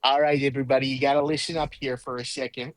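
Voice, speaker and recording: A man with a Chicago accent doing a loud, brash comedic impression of the Pope. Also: mid-range voice, little pitch movement, quick pace, close to an everyday voice. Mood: blustery. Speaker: streamer friend.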